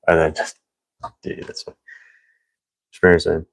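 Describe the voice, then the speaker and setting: A young man with a very deep, low voice talks loosely and rambles, stacking fillers as he goes. The recording is dry and close, with no room sound. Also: slow, long pauses, no room sound. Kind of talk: casual chat.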